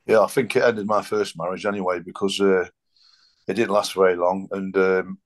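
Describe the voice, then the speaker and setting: A middle-aged man, a guest, talking in a halting, plain-spoken way. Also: sits low, little pitch movement. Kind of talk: casual chat.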